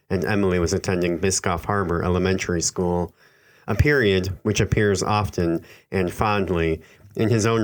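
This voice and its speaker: A man with a very deep voice narrates a literary horror tale. His reading is slow, measured and somber, scripted storytelling from start to finish.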